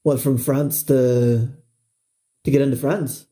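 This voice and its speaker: A man talks through a film with friends, candid and quick to swear. His voice is warm and mellow, sitting in an easy middle pitch. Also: fairly even intonation. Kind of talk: casual film discussion.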